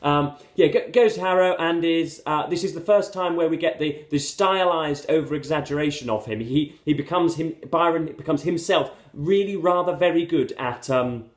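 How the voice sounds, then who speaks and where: A man's voice: fairly high pitch, normal speed, hardly any pauses. A man reviewing books to camera in a casual, rambling way, full of hesitations and fillers yet using erudite vocabulary and wry asides to his viewers. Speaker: book reviewer. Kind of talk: casual book commentary to camera. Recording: roomy echo.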